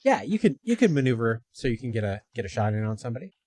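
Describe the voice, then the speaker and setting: A man in a mid-pitched voice runs a tabletop game over voice chat. He narrates and calls on players in a brisk, matter-of-fact way. The sound is dry and close, with no room echo. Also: big pitch swings, darkish tone, husky. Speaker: game master.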